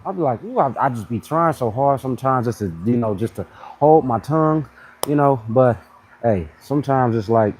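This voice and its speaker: A man in his thirties hosting a casual live fitness chat, blunt and animated, full of slang, often mimicking other people in a higher voice. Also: normal speed, a little hiss or hum, rough recording. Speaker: fitness channel host.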